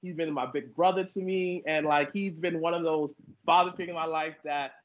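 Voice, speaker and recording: A young man with a slightly raised pitch hosts a relaxed podcast interview. He talks in loose slang and tells his stories with an animated, laughing energy. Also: fairly quick, a little hiss or hum, poor audio. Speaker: podcast host. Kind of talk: casual interview chat.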